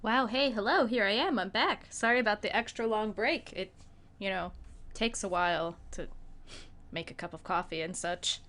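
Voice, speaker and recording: A woman's voice: medium pitch, moderate pace, fairly bright tone. Sleepy, chatty young woman streamer. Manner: playful, laughs often, chatty with viewers. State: sleepy, yawning. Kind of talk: casual game stream chat. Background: game music.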